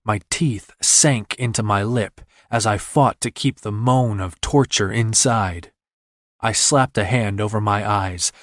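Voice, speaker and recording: A man's voice: lowish voice, no room sound, clean studio sound. A man reading a romance novel aloud in first person, intimate and earnest. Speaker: audiobook narrator.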